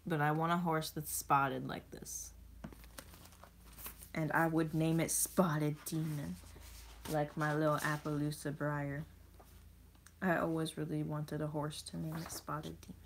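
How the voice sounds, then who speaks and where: A woman's voice: low-pitched, little pitch movement, a little slow, pauses often, a little hiss or hum. A young woman chatting casually as she unboxes toy horses, rambling and reading bits of text aloud. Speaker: vlogger.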